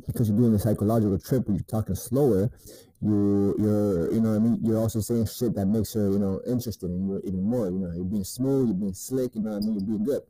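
Dude rambling dating tips, super dark mellow voice, dry close sound, swears a lot. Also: male voice, on the low side, steady tone, fast talker, dry recording, poor audio. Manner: laid-back, profane, rambling, repeats "you know what I mean". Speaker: dating advice vlogger. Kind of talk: casual dating-advice monologue.

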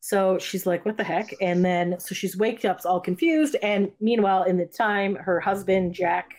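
A woman's voice: mid-range voice, unhurried, a little mellow. A woman casually retelling a movie plot to friends, rambling with lots of fillers and restarts, and acting out the characters' lines. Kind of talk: casual chat.

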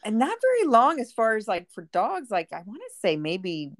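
A woman's voice: on the high side, huge pitch swings, moderate pace, no room sound, studio quality. A middle-aged woman chatting casually as a guest, rambling with lots of fillers. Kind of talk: casual chat.

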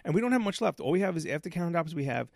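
Gravelly man on the higher side, ranting podcast co-host, dry mic. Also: rapid-fire, no room sound. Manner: profane, animated storytelling. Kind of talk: casual ranting chat.

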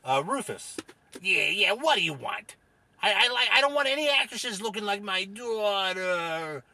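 A man's voice: high-pitched, animated, unhurried, bright, forceful tone, no echo, voice pushed up, full character voice. A man doing a rambling, dim-witted dad. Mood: confused, eager. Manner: rambling, confused, eager. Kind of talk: improvised comedy character.

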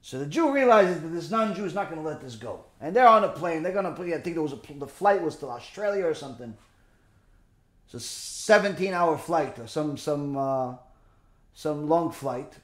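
A man's voice: on the high side, moderate pace. A man giving an informal religious lesson through a story, checking in with his listeners by asking "okay?" and "right?". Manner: animated, peppers points with "okay?" and "right?". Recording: echoey room.

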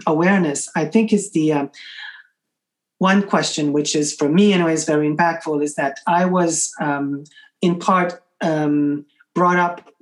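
A woman speaking reflectively in a conversation, halting with many pauses and fillers as she thinks aloud. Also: on the low side, rough recording.

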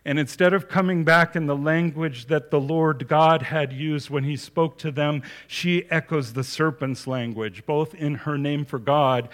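A man's voice: fairly high pitch, fairly even intonation, unhurried, few pauses. A man preaching a sermon, reading scripture aloud and then explaining it with emphasis.

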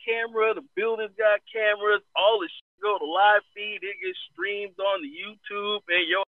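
A man from Los Angeles telling loud, profane stories in casual chat, laughing and quoting others. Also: sits high, steady tone, normal speed, no echo. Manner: loud, profane storytelling with laughs and quoted voices. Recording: dry, phone-like narrow sound.

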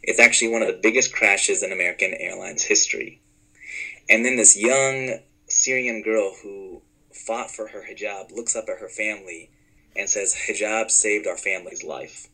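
A man with a rather low voice and a bright, forceful edge narrates a story in conversation. He tells it with animation and slips into the voices of the people in it. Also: moderate pace, rough recording. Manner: animated, acts out dialogue in the story. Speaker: guest storyteller.

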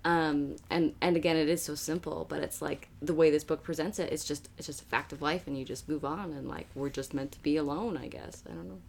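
A woman's voice: low-pitched, steady tone, a little fast, vocal fry, hardly any pauses, darkish tone, slight background noise. A woman chatting casually in a book discussion, reflective and full of fillers, often laughing. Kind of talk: casual chat.

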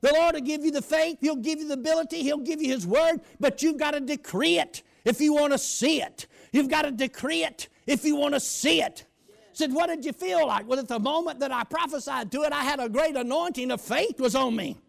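A man preaching a storytelling sermon, shouting and slowing down for emphasis. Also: very high-pitched, vocal fry.

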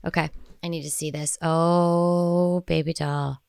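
A woman's voice: fairly low pitch, little pitch movement, measured pace, vocal fry, darkish tone, clear, resonant tone. A woman co-hosting a podcast in casual chat, teasing and laughing often. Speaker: podcast co-host.

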